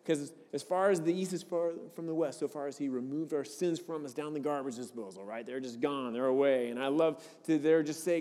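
A man's voice: on the high side, fairly quick, warm tone. Earnest male pastor in an echoing hall. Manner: conversational, earnest, repeats words when restarting. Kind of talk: sermon. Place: church sanctuary. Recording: long reverb of a large hall.

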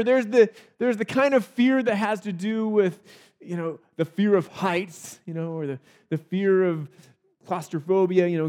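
Male pastor, higher-pitched voice, loose conversational sermon delivery with restarts. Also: a little mellow. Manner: conversational, with frequent restarts and small laughs.

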